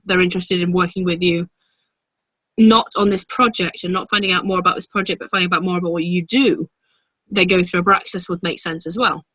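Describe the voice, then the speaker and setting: Chatty rambling woman, bright voice. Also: fairly low pitch, dry recording, muffled recording. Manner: chatty, rambling with many ums. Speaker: guest. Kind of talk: casual chat.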